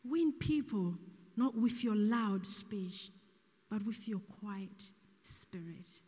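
A soft-spoken woman preaching a sermon, speaking slowly and deliberately and sometimes dropping almost to a whisper, in an echoey church hall. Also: medium pitch, expressive, breathy edge.

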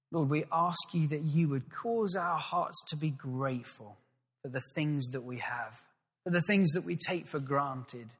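A male pastor giving a sermon, telling the story with lively acted-out voices. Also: a little high, slightly rough, in a large hall. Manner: animated storytelling, acts out voices.

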